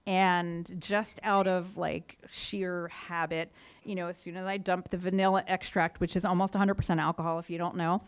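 A middle-aged woman with a somewhat low voice shares her recovery story. She talks in a candid, conversational way and leans on casual fillers as she goes. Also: flat delivery, normal speed, clean tone. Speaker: speaker sharing her story.

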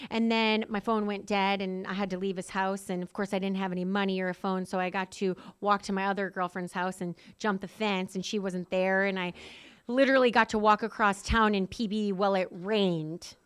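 A woman's voice: medium pitch, fairly even intonation, brisk, clear, resonant tone. A woman sharing her recovery story in a candid, self-mocking way, laughing often and saying "like" a lot.

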